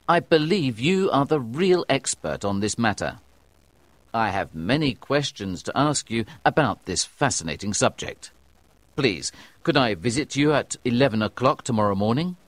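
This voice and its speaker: Guy narrating a learner's story, clear and measured, lively voice, dry recording. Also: mid-range voice, dry recording. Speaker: audiobook narrator. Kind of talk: scripted narration of a graded reader.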